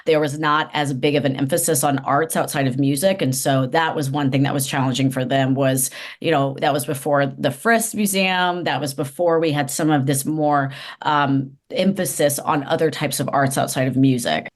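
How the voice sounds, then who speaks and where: Low-voiced woman, reflective interview guest. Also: steady tone, normal speed, few pauses. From United States. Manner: reflective, earnest, with frequent restarts. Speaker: interview guest, nonprofit CEO. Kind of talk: conversational interview.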